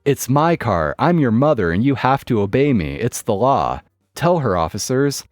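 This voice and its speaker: A man's voice: mid-range voice, big pitch swings, moderate pace, no echo, clean studio sound, soft background music, lightly acted. Bossy entitled mother, read by a man. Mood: domineering. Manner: domineering, indignant.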